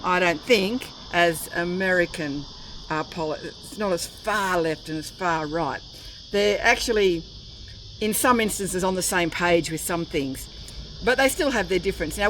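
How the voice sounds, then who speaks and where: A woman's voice: mid-range voice, rough recording. An older Australian woman on a motorbike trip, giving blunt, opinionated talk with casual swearing. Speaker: motorcycle vlogger. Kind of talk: casual roadside vlog. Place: outdoors by the road on a motorbike trip. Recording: loud wind and traffic noise outdoors.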